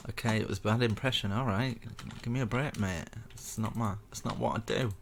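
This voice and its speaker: A man's voice: lowish voice, a little fast, gravelly, a little hiss or hum. A young man casually walking viewers through a building tutorial step by step, chatty and rambling with self-mocking asides.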